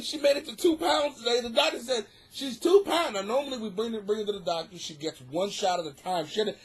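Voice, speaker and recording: A high-voiced man with a husky, slightly breathy tone rambles through a comic monologue for his podcast. He swings his pitch all over, swearing freely and cracking himself up between bits. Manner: animated, profane, laughs at his own jokes, acts out bits in a shrill voice. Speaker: comedian podcast host. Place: home basement.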